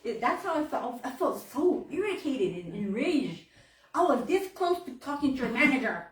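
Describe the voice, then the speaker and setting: A woman in her thirties from tells candid stories during a church talk, mimicking the people she quotes and laughing easily. Her voice sits a little high. She sounds set back from the mic in a roomy church hall. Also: sing-song, normal speed, distant mic. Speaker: church member giving a talk. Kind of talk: personal faith talk.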